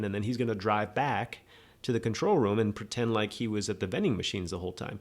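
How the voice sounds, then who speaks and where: Incredulous man picking apart a movie. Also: medium pitch. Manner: incredulous, questioning, animated. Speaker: podcast host. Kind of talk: casual podcast monologue.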